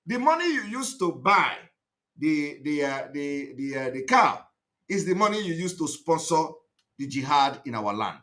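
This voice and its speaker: A man hosts his own online show, giving a fervent, repetitive monologue. His voice sits high and bright, and it swings widely in pitch, rising to loud outbursts before dropping to low asides. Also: big pitch swings, normal speed. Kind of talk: impassioned commentary monologue.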